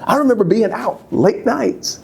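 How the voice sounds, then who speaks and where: A man in his fifties, a former football player, telling stories in a candid, casual interview, his voice jumping high when he gets excited. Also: a little slow, gravelly. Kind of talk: candid conversational storytelling.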